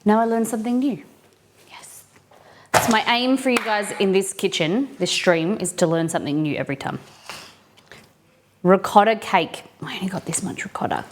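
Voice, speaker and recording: Chatty woman, live cooking stream host, middle pitch, casual chat. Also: normal speed, pauses often, slight background noise. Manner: chatty, greets chat viewers by name.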